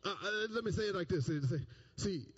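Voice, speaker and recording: Preacher, male, very high husky voice, sing-song preaching cadence. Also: animated, a little fast, highs cut off. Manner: preaching with sung, rising cadences and repetition. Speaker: pastor. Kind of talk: sermon.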